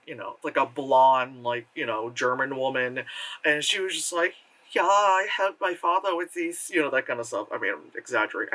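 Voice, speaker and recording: A man's voice: medium pitch, pushed and bright. A man rambling through a casual movie review, peppering his retelling with fillers and profanity. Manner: rambling and profane, full of "like" and "you know"; acts out characters' lines in exaggerated voices. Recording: voice distant from the mic.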